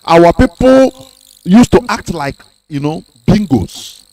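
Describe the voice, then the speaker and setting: A radio host preaches to his listeners, stopping often on fillers as he works toward his point. His voice is high and swings widely in pitch. He speaks in the manner of a sermon. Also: slow, dry recording, rough recording. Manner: sermonizing, lively, hesitant fillers.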